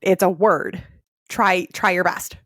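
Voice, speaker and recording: A woman's voice: on the low side, steady tone, slow pace, a bit bright, no echo. Chatty woman podcaster, dry close sound. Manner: chatty, many "like" fillers, playful. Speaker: podcast co-host. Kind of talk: casual chat recapping a TV episode.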